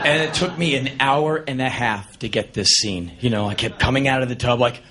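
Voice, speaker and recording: A man telling a comic spoken-word story in an animated, self-mocking, deadpan way. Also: mid-range voice, fairly quick, hardly any pauses, background noise.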